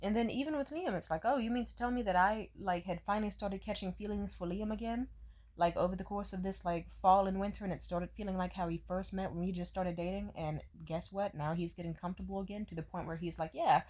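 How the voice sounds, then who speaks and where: A woman's voice: medium pitch, quick pace, darkish tone. Frank, rambling young woman venting. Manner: frank, profane, rambling with many fillers. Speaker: vlogger. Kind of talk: casual storytime venting.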